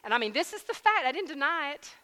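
Woman preacher, bright higher voice, lively storytelling, long hall reverb. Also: quick pace. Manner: lively storytelling, addresses audience as y'all. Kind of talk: sermon testimony and prayer.

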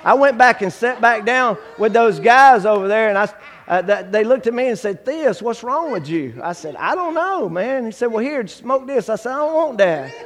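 A man giving a testimony sermon, acting out the dialogue in his story and swinging from hushed to shouting. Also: extremely high pitch, lively intonation, moderate pace, big-room sound. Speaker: guest preacher giving testimony.

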